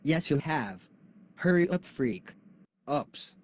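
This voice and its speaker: A man's voice: a little high, very animated, slow pace, full character voice. A male student voicing a mocking schoolboy bully in a class video, with taunting, cackling delivery.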